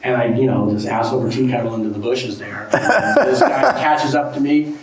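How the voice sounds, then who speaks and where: A middle-aged man, a guest speaker, telling an anecdote to an audience in a casual, animated way, with frequent "you know" and "right?". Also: mid-range voice, normal speed, over a noisy crowd. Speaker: guest speaker, tribal art collector. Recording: very echoey room, distant mic, faint ambience.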